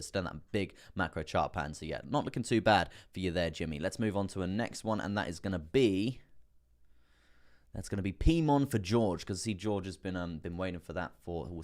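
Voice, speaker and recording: Young man, very low voice, chatty live-stream host, lots of fillers, repeats himself. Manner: chatty, fillers, repeats phrases, addresses viewers as guys and man. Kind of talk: casual live chart analysis.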